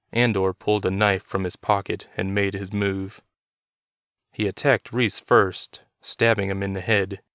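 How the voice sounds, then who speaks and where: A man reading a story aloud in steady, measured narration. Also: lowish voice, clean tone, no room sound, studio quality.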